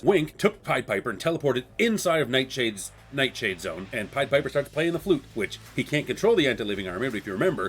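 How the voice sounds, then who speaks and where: A man excitedly recapping a comic book issue in a casual, rambling way, acting out the characters' lines. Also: medium pitch. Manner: excitable, rambling, acts out quotes.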